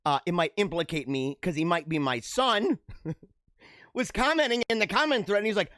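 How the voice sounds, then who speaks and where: High, lively-voiced joking male host. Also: fairly quick, dry recording, clean studio sound. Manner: joking, rambling, laughs often. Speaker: show host. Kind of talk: casual news commentary.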